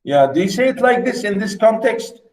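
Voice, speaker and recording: Male lecturer, Arabic first language, slightly high voice, hammers points home by repetition, echoey room. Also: animated, moderate pace, darkish tone. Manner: emphatic, repeats words for stress. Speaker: literature lecturer. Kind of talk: university literature lecture. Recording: roomy echo.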